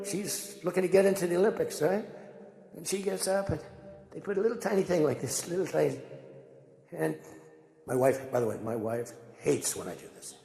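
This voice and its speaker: An older man giving a rambling, conversational speech to a crowd, telling animated stories as he goes. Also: on the high side, a little fast, vocal fry, soft background music. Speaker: political speaker. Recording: echoey hall with long reverb.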